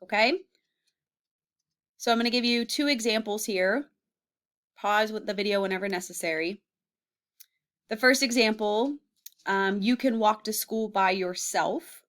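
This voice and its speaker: A woman's voice: mid-range voice, unhurried, long pauses, a bit bright. A woman teacher giving a classroom grammar lesson, patient, often checking in with students and using fillers. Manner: patient, with frequent "okay?" check-ins and fillers.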